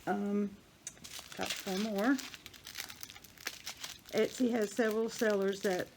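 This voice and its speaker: An older woman with a drawl talks casually through a hands-on craft demonstration. She rambles and thinks out loud as she works, in a medium voice, with faint noise behind her. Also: medium pitch, fairly even intonation, takes it slowly, vocal fry. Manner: chatty, rambling, thinks aloud while working. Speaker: crafting vlogger.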